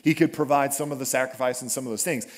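A man delivering a sermon with the easy humor of a storyteller. His voice sits at a middle pitch, and he slips in funny asides before turning to scripture. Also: fairly even intonation, fast. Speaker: pastor. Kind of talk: conversational sermon. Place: church sanctuary.

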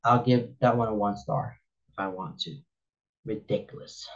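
A man's voice: on the low side, fairly even intonation, normal speed, dull audio. A man giving casual commentary as he reads posts aloud, rambling and opinionated, often repeating himself and restarting sentences. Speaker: reaction video host.

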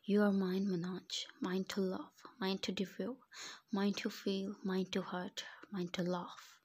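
A woman reading aloud, voicing a possessive young male mafia boss in a low, half-whispered murmur. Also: flat delivery, measured pace, a little mellow, breathy edge.

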